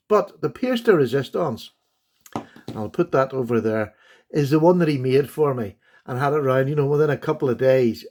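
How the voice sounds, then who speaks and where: A man chatting casually in a show-and-tell vlog about his knife collection, rambling and correcting himself as he goes. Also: fairly high pitch. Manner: chatty, warm-hearted and rambling with self-corrections.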